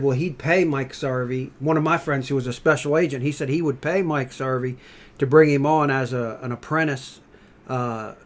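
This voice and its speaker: A middle-aged man chatting casually, telling rambling stories, swearing freely. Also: mid-range voice. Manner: storytelling, swearing freely, rising loud when excited. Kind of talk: casual chat.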